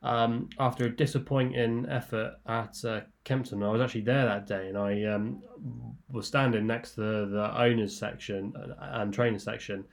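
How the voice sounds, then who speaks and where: A man giving horse racing tips in a relaxed, rambling way, with lots of fillers and restarts. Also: mid-range voice, moderate pace, vocal fry. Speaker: racing tipster guest. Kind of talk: casual racing tips discussion.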